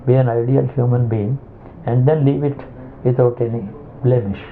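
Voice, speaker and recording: A man giving a spiritual discourse as a teacher, halting and restarting as he searches for words. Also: medium pitch, steady tone. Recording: tinny phone-like lo-fi recording with faint hiss.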